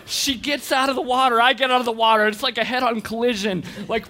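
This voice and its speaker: Man in his 30s, high voice, bright tone, animated storytelling talk. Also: brisk, hardly any pauses. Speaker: speaker.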